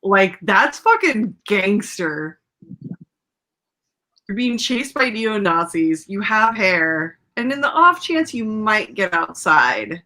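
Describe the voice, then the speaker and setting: A young woman hosting a casual movie watchalong who swears freely, laughs often and reacts loudly to the film. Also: mid-range voice, sing-song, slow pace.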